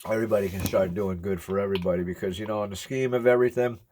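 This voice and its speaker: A man's voice: fairly low pitch, fairly even intonation, rapid-fire, darkish tone, a little hiss or hum. A man in his forties talking earnestly to his viewers in a rambling, reflective way, eating as he speaks. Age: 40s. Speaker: ASMR YouTuber. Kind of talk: casual reflective talk to camera.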